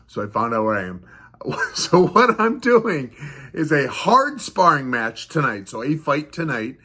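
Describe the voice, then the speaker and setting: A man's voice: a little high, big pitch swings, measured pace, sharp tone, husky. A man vlogging in a casual, rambling way, telling a story, chuckling often and repeating himself as he goes. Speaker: fighter vlogger. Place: on the road for a fight in the northeastern US.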